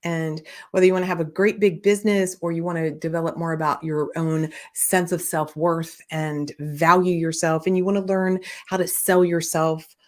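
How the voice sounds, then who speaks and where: With a low, darkish voice and flat delivery at normal speed, barely pausing, a middle-aged podcast host who also coaches businesses recounts a personal story candidly, rambling with many fillers and restarts.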